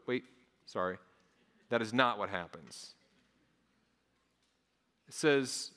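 A man's voice: medium pitch, fairly bright tone, big-room sound. A man, a pastor, preaching a sermon earnestly, often repeating his words as he goes. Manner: earnest, repeats words, acts out voices of onlookers.

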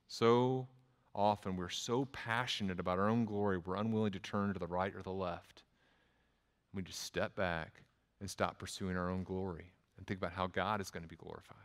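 A man with a Texas accent, preaching a sermon in a relaxed, conversational way, with frequent restarts and quoted asides. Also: on the low side. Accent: Texan. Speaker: pastor. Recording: long hall reverb.

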